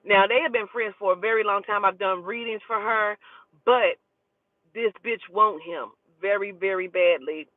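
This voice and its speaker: A woman who does spiritual readings, telling a story in a casual, profane and animated way. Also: mid-range voice, normal speed, dry recording. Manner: profane, animated, talking to herself aloud. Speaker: spiritual reader. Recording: tinny phone-like dry audio.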